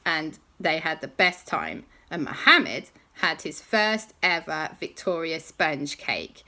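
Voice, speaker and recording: A woman tells a bedtime story in a playful, animated way. Her voice is bright and ringing, and her pitch swings freely high and low. She keeps the telling lively from line to line. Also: takes it slowly.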